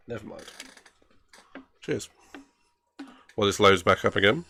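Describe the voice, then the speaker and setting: A man talks his way through a racing game on a live stream, loose and rambling, grumbling and then poking fun at himself. His voice sits low with a gravelly, creaky texture. The tone stays bright and forward. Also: moderate pace, pauses often. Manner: rambling, chatty, self-mocking grumbles. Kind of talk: casual live-stream commentary while racing.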